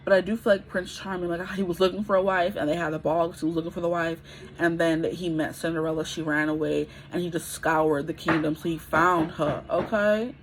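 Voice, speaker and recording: A woman's voice: lowish voice, fairly even intonation, brisk, slight background noise, low-quality recording. A woman in her twenties giving a casual pick-a-card tarot reading, chatty and rambling, often checking in with her listeners. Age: 20s.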